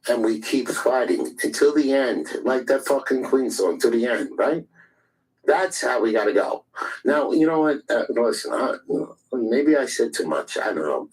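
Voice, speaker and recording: A man's voice: mid-range voice, a little mellow, poor audio. A man in a heated online voice chat, angry and defiant, swearing often and repeating himself. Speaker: Twitter space participant.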